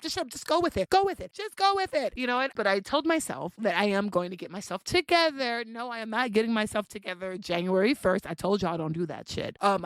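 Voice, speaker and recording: A woman's voice: medium pitch, a bit bright, no room sound. A woman hosting a solo podcast, talking brashly and playfully, swearing freely and laughing often. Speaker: podcast host.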